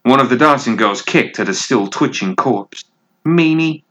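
A man reading a piece of fiction aloud as narrator, in a measured, deliberate way. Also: mid-range voice, a bit bright, highs cut off.

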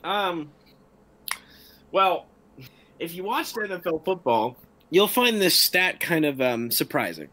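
A man's voice: a little high, very animated, slow pace, long pauses, bright, forceful tone. A man co-hosting a podcast, laid-back and blunt in his opinions. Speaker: podcast co-host. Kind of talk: casual podcast chat.

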